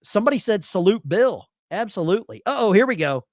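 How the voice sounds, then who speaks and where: A man's voice: high-pitched, big pitch swings, quick pace, no echo, studio quality. A man hosting a casual live stream, reading chat messages aloud with bursts of enthusiasm. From Arkansas.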